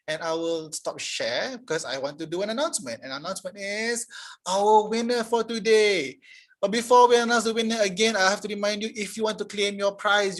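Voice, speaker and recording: A man teaching English in a live online class, with a fairly high voice. He talks in a friendly, chatty way and often restarts his sentences midway. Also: fairly bright tone.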